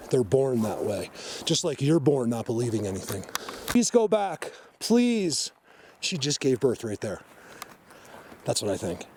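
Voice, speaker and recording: An emotional man with a mid-range voice records a spontaneous nature vlog outdoors in the woods. He talks directly to his viewers, alternating between soothing and fretful, while outdoor noise sits beneath his voice.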